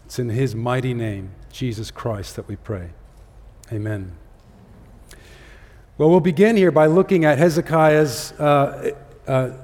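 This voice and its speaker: A man preaching a sermon as pastor, with earnest, conversational delivery, pauses and fillers, and a soft, prayerful tone in prayer. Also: on the high side. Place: church sanctuary. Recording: long hall reverb.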